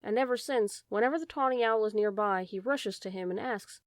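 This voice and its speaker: Woman, storybook narration, calm and measured, dry close sound, middle-pitched voice. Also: dry recording. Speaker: audiobook narrator. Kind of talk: storybook reading.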